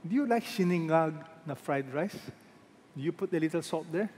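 A man's voice: fairly high pitch, expressive, normal speed, darkish tone, big-room sound, slight background noise. A man preaching a sermon as a pastor, emphatic and repeating key words, asking the congregation questions.

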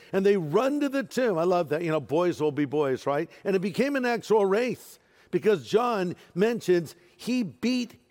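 A man preaching a sermon as pastor, animated and playful with humorous asides. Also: high voice. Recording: long reverb of a large hall.

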